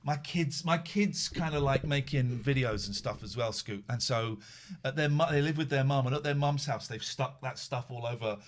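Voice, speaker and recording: A middle-aged man hosting a casual live show, chatty and excitable, rambling with frequent restarts. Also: medium pitch, moderate pace. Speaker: show host.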